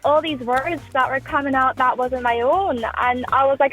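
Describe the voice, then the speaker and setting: A woman's voice: sits high, normal speed, fairly bright tone, soft background music, rough recording. A woman from Australia speaking with a mixed Irish accent, chatting as a radio guest over the phone, with many ums and frequent laughs. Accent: mixed Irish (foreign accent syndrome). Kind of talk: phone interview. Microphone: phone line.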